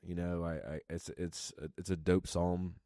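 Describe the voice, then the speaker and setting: Low, dark-voiced podcast man. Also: flat delivery, a little slow, no echo, studio quality. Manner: reflective, repeats his points. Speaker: podcast co-host. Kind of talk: casual chat.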